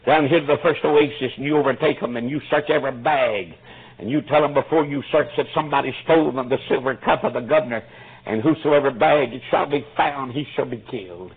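A man voicing the biblical Joseph as a shrewd, commanding ruler, giving low, conspiratorial orders, in a tinny, lo-fi recording. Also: brisk, husky. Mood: scheming.

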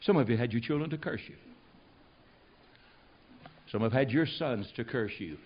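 An older man from the United States preaching a folksy, storytelling sermon, swinging from loud to hushed. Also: mid-range voice, expressive, normal speed, breathy edge. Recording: dull lo-fi recording.

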